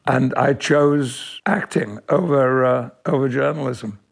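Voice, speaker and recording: Gravelly, husky older man telling stories. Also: medium pitch. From Yorkshire, England. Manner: measured, anecdotal, thoughtful. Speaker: actor, guest. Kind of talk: reflective interview storytelling.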